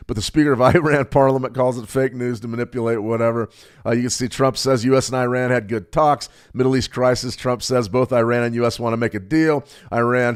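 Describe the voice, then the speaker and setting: A man talks viewers through trading charts on a live market update. He rambles, stumbles over his words and restarts his sentences, in a voice of ordinary pitch for a man. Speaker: market analyst host.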